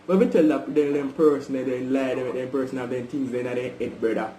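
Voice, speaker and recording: A man's voice: medium pitch, steady tone, brisk, warm tone. A young man with a Jamaican accent, confronting his brother on a call, pressing and repetitive. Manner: repetitive, pressing, keeps calling him brother. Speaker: vlogger. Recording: echoey room with faint background noise.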